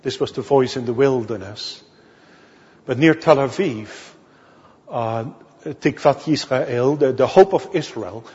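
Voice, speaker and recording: A male minister from the Netherlands, preaching a sermon in slow, deliberate storytelling that leans on key words. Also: medium pitch, a little mellow. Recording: dull audio with long hall reverb.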